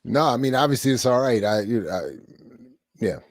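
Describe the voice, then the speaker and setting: A man's voice: mid-range voice, moderate pace, no room sound. Hesitant man host with a dry sound. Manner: hesitant, apologetic.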